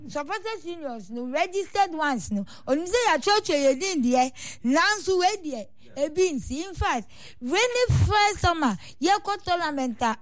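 A woman's voice: sits high, dry recording. A woman with a Ghanaian accent, a football supporters' union leader, giving earnest, complaining interview answers. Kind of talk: interview answers, mixing Twi and English.

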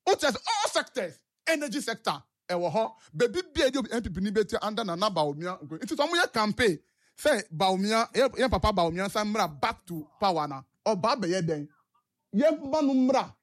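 A man with a Ghanaian English accent, calling in to a talk show and giving impassioned political commentary with rhetorical questions. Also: high voice. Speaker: caller.

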